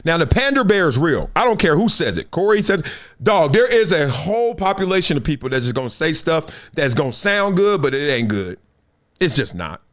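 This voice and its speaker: Lively, high-voiced male podcast host. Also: a little fast. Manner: preachy, dramatic, acts out quotes. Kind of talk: animated commentary.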